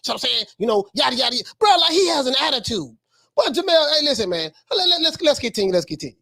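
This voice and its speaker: An excitable woman with a notably high voice runs a live reaction stream. She laughs a lot, doubles up her words and keeps urging her viewers to look at the clip. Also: fast, breathy edge. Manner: excitable, laughing, repeats phrases.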